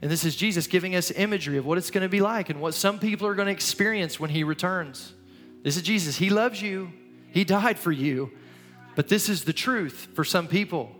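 A man's voice: high-pitched, a little fast. A man preaching as a pastor in a church, earnest and urging, often repeating his phrases. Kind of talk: sermon. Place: church sanctuary. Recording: long hall reverb, soft music.

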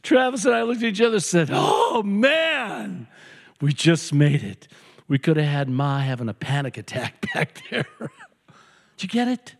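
Lively older man preaching in a reverberant hall. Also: on the high side, fairly quick. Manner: animated, joking storyteller with emphatic repetition. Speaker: pastor. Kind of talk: sermon.

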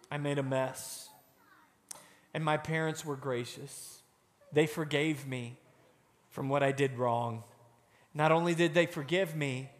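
A man giving a children's sermon, telling a story and acting out quotes with animated delivery. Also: on the high side. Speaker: children's pastor. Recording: long hall reverb.

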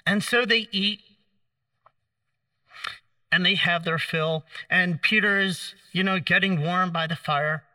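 A man preaching a sermon, telling the story in a conversational way, acting out the quoted lines with gentle humor. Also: high voice, takes it slowly, long pauses, dry recording, distant mic.

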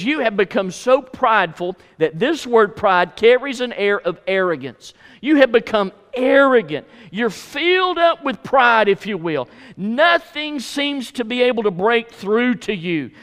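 A middle-aged man preaching a sermon as pastor, emphatic and repeating phrases for stress in a church. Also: extremely high pitch. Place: church sanctuary. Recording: hall reverb.

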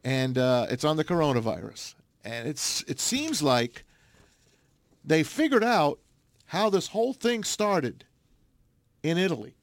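Man, co-host, casual sports chat, fairly high pitch, dry sound. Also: unhurried, long pauses, no echo. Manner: animated storyteller reading news aloud. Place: Detroit.

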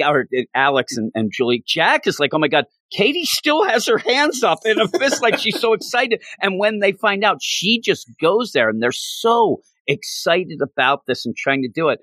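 A man's voice: on the high side, normal speed, few pauses, no room sound. A man co-hosting a casual podcast chat, eagerly retelling comic scenes and acting out the characters' lines. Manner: animated, acts out characters' lines while retelling. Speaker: podcast co-host.

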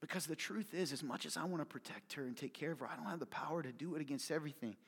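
A man preaching a sermon with a somewhat high voice, full of feeling. He drops to soft near-whispers, then swells into loud, urgent appeals. His voice carries through a hall with a long echo. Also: rapid-fire, husky. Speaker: pastor. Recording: reverberant hall.

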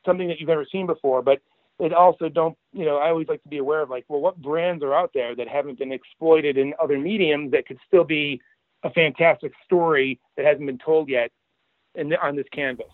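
A man's voice: fairly high pitch, fairly quick, no echo, phone-quality sound. A man telling entertainment business stories in a casual podcast chat, acting out quotes as he goes. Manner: animated anecdote teller, acts out quotes. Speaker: guest, entertainment executive.

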